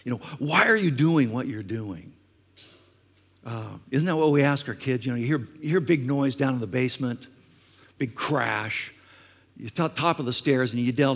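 A man's voice: mid-range voice, fairly quick. Man preaching in a reverberant hall. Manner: conversational preaching with frequent fillers; animated, acts out questions in a raised voice. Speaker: pastor. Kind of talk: sermon.

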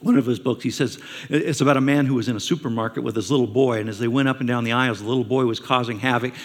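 A man preaching a sermon as a pastor, telling stories and asking his listeners rhetorical questions. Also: medium pitch. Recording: long reverb of a large hall.

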